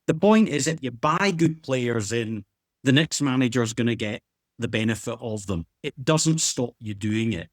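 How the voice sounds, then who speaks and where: A man's voice: mid-range voice, animated, normal speed, no echo, clean studio sound. A man co-hosting a podcast, making an insistent case in casual chat and often restarting his sentences. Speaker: podcast co-host.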